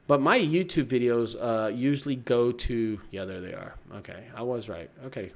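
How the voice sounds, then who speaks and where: The owner of a junk removal business chats loosely with his livestream viewers, swearing a lot, rambling and often restarting sentences. His medium-pitched voice is expressive, at a moderate pace with hardly any pauses.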